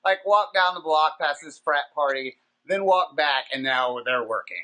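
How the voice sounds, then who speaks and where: A man hosting a podcast, telling a long, profane anecdote in a casual, animated, rambling way. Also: on the high side, moderate pace. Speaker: podcast host. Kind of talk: casual storytelling.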